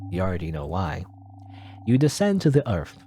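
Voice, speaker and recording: A man's voice: deep voice, huge pitch swings, normal speed, background noise. Playful man reading a game aloud. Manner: playful, laughing asides. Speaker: let's play host. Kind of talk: reading a game's text aloud with commentary.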